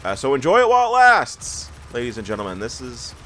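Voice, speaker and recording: A man's voice: mid-range voice, wildly swooping pitch, brisk, a bit bright, slight background noise. A tired man just out of bed, rambling and stammering through casual gameplay commentary as a let's play host. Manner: rambling, self-deprecating, stammers and laughs.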